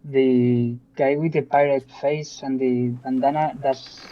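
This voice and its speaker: A man playing in a tabletop game, asking quiet questions. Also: medium pitch, flat delivery, a little slow. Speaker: player. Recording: dull lo-fi mic.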